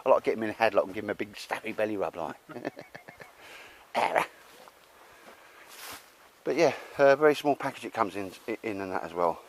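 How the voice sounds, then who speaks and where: A man's voice: lowish voice, animated, moderate pace, pauses often, slight background noise. A man with a Cockney accent chatting casually outdoors while showing a tarp shelter, laddish and calling everyone mate. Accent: London Cockney. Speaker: outdoor gear vlogger. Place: outdoors at a campsite.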